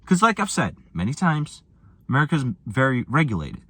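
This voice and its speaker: A man's voice: a little fast, no echo. A young American man telling travel stories and ranting about boredom in a loose, slangy vlog style. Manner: animated, slangy, swings from low mumbles to high exclamations. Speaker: vlogger. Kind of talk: casual storytelling rant.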